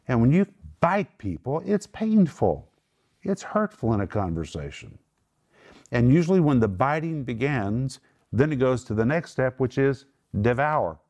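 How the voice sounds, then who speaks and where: A man teaches scripture with real emphasis. His voice climbs sharply whenever he quotes a line, and he slows down to stretch out the words he wants to land. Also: fairly low pitch, a little mellow. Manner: draws out key words slowly. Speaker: Bible teacher. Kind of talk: Bible teaching.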